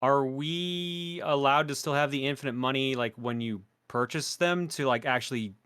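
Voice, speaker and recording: A man's voice: mid-range voice, moderate pace, fairly bright tone, clean tone, no room sound, clean studio sound. A man co-hosting a video game podcast, chatting casually and joking playfully. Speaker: podcast co-host. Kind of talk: casual chat.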